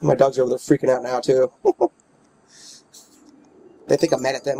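A man's voice: medium pitch, fairly even intonation, normal speed, creaky, mellow, slight background noise. A man casually commenting on his gameplay at home, playful, cooing baby talk at his character and swinging from muttering to exclamations. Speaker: let's play gamer. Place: home room with his dogs nearby.

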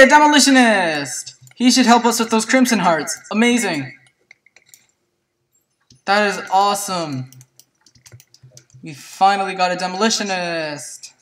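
Excitable gamer with a lively voice. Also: medium pitch, measured pace, long pauses, far from the mic, poor audio. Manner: excitable, yelps and shrieks at surprises; chatty, talks to viewers as "guys". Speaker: gameplay commentator. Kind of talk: let's play commentary.

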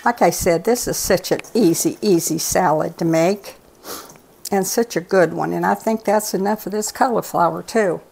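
A woman's voice: on the low side, normal speed, gravelly, a little mellow, slight background noise. An older woman telling rambling, folksy stories in a casual, chatty way while she cooks. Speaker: cooking show regular, host's mother. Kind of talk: casual storytelling while cooking.

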